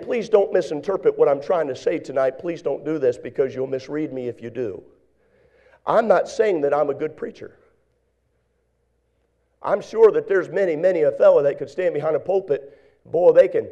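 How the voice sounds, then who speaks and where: A pastor preaching a sermon in church, swinging from hushed, quiet lines to shouted, fervent exhortation. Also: male voice, on the high side.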